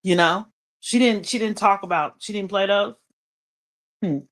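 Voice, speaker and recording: Slow-talking woman venting on a stream. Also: medium pitch. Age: adult mother. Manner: venting, emphatic, swears freely. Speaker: livestream host. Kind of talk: unscripted livestream monologue.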